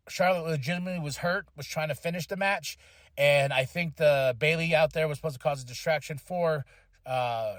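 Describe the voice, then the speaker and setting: A man hosting a podcast, excitedly recapping a wrestling show in casual, profane chat and acting out the quotes. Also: medium pitch, no room sound, studio quality. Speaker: podcast host.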